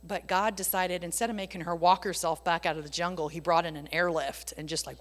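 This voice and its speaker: Lower-voiced woman telling a faith story. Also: fairly quick. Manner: animated storytelling, drops to whispers for emphasis. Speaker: Christian speaker sharing a testimony. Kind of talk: casual faith testimony. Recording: long reverb.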